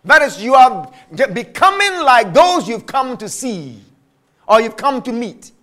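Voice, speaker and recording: High-pitched, bright-voiced male preacher. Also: sing-song. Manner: emphatic, repetitive, drawn-out stressed phrases. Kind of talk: sermon.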